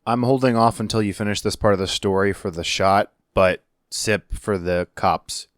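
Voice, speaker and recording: A man co-hosting a casual podcast, excitable and swearing freely as he calls drinking shots. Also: on the low side, moderate pace, no echo, clean studio sound. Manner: profane, excitable, cheering and calling shots. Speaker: podcast co-host.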